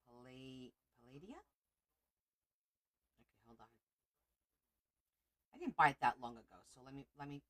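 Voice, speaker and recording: A woman's voice: extremely low pitch, a bit bright. A middle-aged woman hosting a casual livestream, chatting in a rambling way and greeting viewers by name. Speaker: livestream host.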